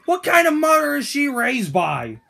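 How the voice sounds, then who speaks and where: A man doing grumpy whiny Toad, very high voice, gravelly husky edge, lively ranting questions. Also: moderate pace, heavily acted. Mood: annoyed. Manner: whiny, ranting, keeps asking indignant questions. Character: grumpy male Toad complaining on the couch. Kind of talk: fan-made cartoon voice acting.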